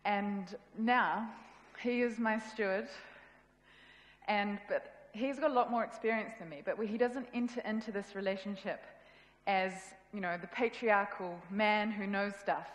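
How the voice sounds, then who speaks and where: A woman's voice: medium pitch, steady tone, measured pace. New Zealand woman in an echoey hall. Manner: casual, self-deprecating, with laughs and restarts. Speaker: conference speaker. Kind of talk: conference talk. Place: event hall. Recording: echoey hall with long reverb.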